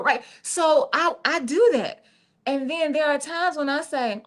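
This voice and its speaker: A woman's voice: high voice, animated, normal speed, fairly bright tone. A middle-aged woman radio co-host, telling a personal story in a candid, folksy way and laughing often.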